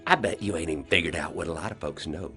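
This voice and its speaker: A man voicing a slow, confident country schoolgirl with a rural Southern accent, sly and teasing. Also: rumbling low, soft background music. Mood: taunting. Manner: drawling, teasing, quietly menacing.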